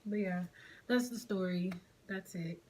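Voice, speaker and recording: Woman vlogger, storytime, mid voice, animated slangy delivery with big jumps on quotes. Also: mid-range voice, unhurried, a little hiss or hum, rough recording. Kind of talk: casual storytime vlog.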